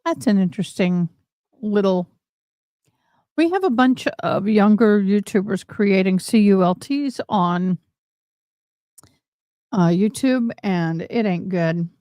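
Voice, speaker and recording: Woman host, casual rambling live-stream chat, unhurried, dead-dry sound. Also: medium pitch, expressive, dark tone, dry recording. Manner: chatty and rambling, addresses viewers as y'all. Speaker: livestream host commenting on court trials.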